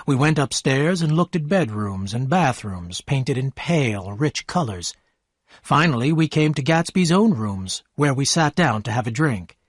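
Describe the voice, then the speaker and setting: Brief: male narrator for a graded storybook reading, steady and clear, dry close sound. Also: medium pitch, no room sound. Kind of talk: scripted storybook narration for English learners.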